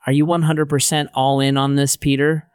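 A man voicing Jesus as a gentle, patient teacher in relaxed, modern phrasing. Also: medium pitch, moderate pace, clear, resonant tone, no echo, clean studio sound, close to an everyday voice. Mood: earnest.

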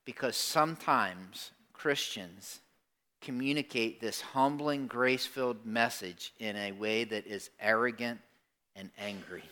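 A man preaching a sermon to a congregation, talking conversationally and swinging between quiet, earnest asides and loud, emphatic bursts. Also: fairly low pitch, a little slow. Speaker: pastor. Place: church service before a congregation.

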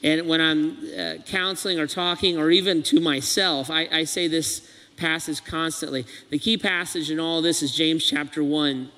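A man's voice: fairly high pitch, moderate pace, long reverb tail. A man preaching a sermon earnestly, as a pastor. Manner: earnest, animated preaching with acted quotes.

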